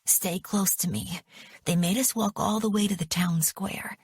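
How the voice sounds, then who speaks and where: A woman playing a hushed, urgent young woman. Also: medium pitch, a little slow, husky, dry recording. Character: tense young woman, urgent protective captive.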